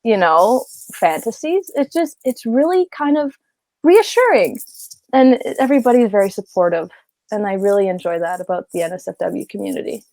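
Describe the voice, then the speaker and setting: A woman's voice: medium pitch, expressive, normal speed, gravelly, mellow, no echo. A woman voice actress chatting in an interview, giggly and rambling, wandering off on tangents from a home closet booth. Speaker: guest voice actress. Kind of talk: casual interview chat.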